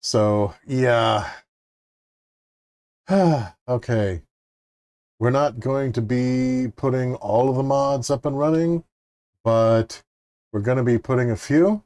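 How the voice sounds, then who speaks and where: A man's voice: medium pitch, takes it slowly, pauses often, a little mellow. A man co-hosting a gaming stream, talking casually with jokey, wry asides. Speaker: co-host playing the game.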